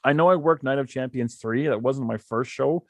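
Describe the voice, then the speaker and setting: A man's voice: mid-range voice, normal speed, darkish tone, no echo. A middle-aged man who works as a wrestling commentator, talking earnestly and with firm opinions as a podcast guest. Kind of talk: casual podcast chat.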